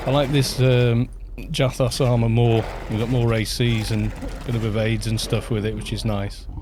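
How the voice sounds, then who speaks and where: A man's voice: medium pitch, flat delivery, normal speed, background noise. Chatty man streaming a game. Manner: rambling, muses aloud and answers chat. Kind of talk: casual live-stream chat while gaming.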